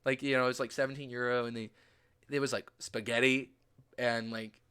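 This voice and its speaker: A man's voice: mid-range voice, flat delivery, brisk, sharp tone, smooth. A man hosting a casual chat, talking in a rambling, profane way with lots of filler words. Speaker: host.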